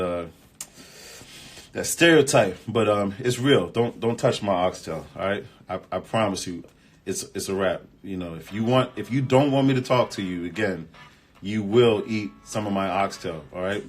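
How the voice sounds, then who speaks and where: A man's voice: on the low side, normal speed, husky. Emphatic man hosting relationship advice chat. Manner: animated, emphatic, repeats himself, colloquial. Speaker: host. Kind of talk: live-stream advice chat reading comments.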